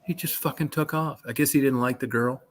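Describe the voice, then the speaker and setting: A man's voice: medium pitch, brisk. A man telling rambling, profane anecdotes in a casual chat. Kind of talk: casual storytelling.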